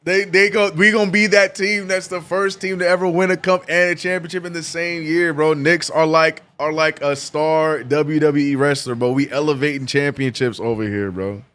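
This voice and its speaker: Bright-voiced man calling a game live. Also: fairly high pitch, level tone. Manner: laid-back banter, reads chat aloud, gets loud and drawn-out calling plays. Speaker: streamer hosting a live game watch-along. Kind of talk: casual chat and play-by-play commentary.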